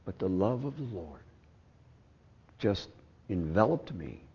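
Pastor, male, husky, unhurried sermon delivery with loud peaks and soft drops, dull lo-fi recording. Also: low-pitched, big pitch swings. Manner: swings from loud outbursts to hushed, slow phrasing.

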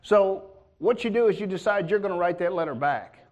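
A man's voice: high voice, lively intonation, a little fast, a little mellow. A man preaching a sermon in a church, folksy and joking in a conversational way.

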